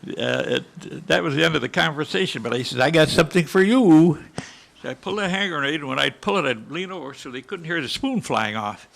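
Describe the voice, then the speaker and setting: Man in his 80s, veteran panelist, gravelly edge, storytelling with spoken gunfire. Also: a little high, expressive, fast talker, hardly any pauses, sharp tone. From United States. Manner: vivid, with spoken gunshot sounds. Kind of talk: storytelling to a live audience. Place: conference hall panel.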